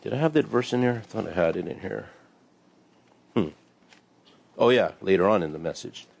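A man's voice: deep voice, expressive, normal speed, gravelly, darkish tone, husky. A man giving a casual, conversational sermon as a pastor, reading scripture and acting out little voices with laughs.

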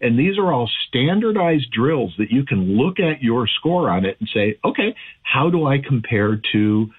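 A man with a husky, slightly rough voice chats loosely on a radio call-in show, stumbling over his words and restarting sentences as he goes. The sound is thin and narrow, like a phone line on air. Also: mid-range voice, big pitch swings, normal speed. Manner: chatty, frequent restarts and fillers. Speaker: radio show guest expert. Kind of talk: casual radio talk.

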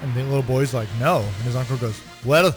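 A male radio co-host with dry, deadpan humor in casual banter. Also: mid-range voice, fast talker, in a large hall, soft background music.

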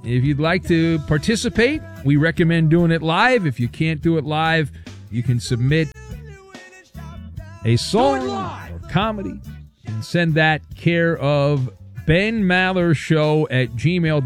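Brisk, jokey radio host. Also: male voice, on the high side. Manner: brisk, jokey, reads listener messages. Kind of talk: talk radio hosting.

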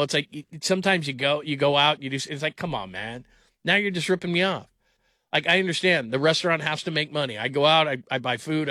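Sports talk host, male, middle-aged, emphatic rant, slightly high voice. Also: bright, forceful tone, dry recording, studio quality. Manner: emphatic, ranting, repeats words for stress. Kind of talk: opinionated sports commentary monologue.

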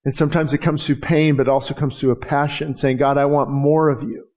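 A man's voice: a little high, fairly even intonation, fairly quick, a little mellow. Passionate male pastor preaching. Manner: passionate, with dramatic quoted prayers and frequent restarts. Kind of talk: sermon.

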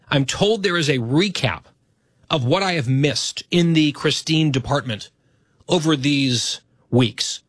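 A man's voice: medium pitch, fairly bright tone, dry recording. A man hosting his talk radio show, speaking in an earnest, grateful and self-deprecating way into a studio microphone.

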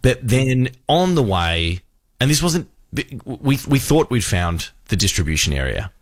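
A radio host telling a story with animated delivery, acting out the people in it. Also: male voice, mid-range voice, unhurried, dry recording, clean studio sound. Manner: animated storyteller, acts out voices.

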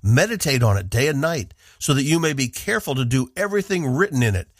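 A man's voice: medium pitch, lively intonation, no room sound, clean studio sound. Earnest male radio Bible teacher. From northeastern United States. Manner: measured, earnest, stresses key words. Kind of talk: scripted devotional teaching.

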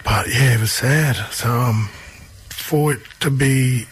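An Australian man, a musician guest, telling stories in a relaxed conversational way, often restarting and repeating phrases. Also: medium pitch, takes it slowly, slightly rough.

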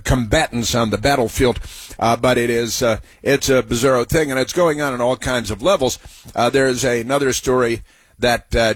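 A man's voice: mid-range voice, breathy edge, no room sound. A man hosting political talk radio, rambling and sarcastic, with many filler sounds. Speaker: talk show host.

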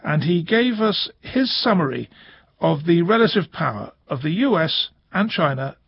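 A male news presenter talks in a conversational way, often hesitating with fillers. His voice is husky and sits a little high for a man. The audio is dull. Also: big pitch swings, normal speed, dry recording.

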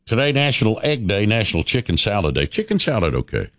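A man's voice: lowish voice, big pitch swings, fast talker, a bit bright, dry recording. A man hosting a morning radio show, chatting in a rambling way with stammered repeats. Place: radio studio. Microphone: studio microphone.

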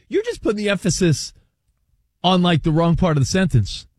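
A man's voice: fairly high pitch, big pitch swings, a little fast, no room sound, studio quality. A man co-hosting a sports talk radio show, teasing his co-host with playful jokes. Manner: playful, teasing, laughs often.

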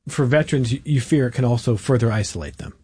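A man's voice: mid-range voice, fast, darkish tone, husky. A man interviewing guests, asking probing and reflective questions. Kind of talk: interview conversation.

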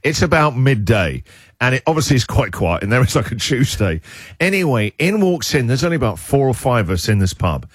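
A man hosting a radio show, telling lively stories and acting out what people said. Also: medium pitch, brisk, slightly rough, dry recording, studio quality. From England. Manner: animated storytelling, acts out quotes. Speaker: radio host. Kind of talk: casual radio chat. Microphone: studio microphone.

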